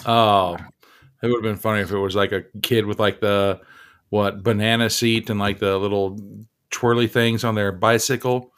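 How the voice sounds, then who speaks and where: A man's voice: fairly low pitch, steady tone, a bit bright, clean tone. A man co-hosting a podcast, bantering and joking loosely with plenty of swearing. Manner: joking, profane, quick to act out bits.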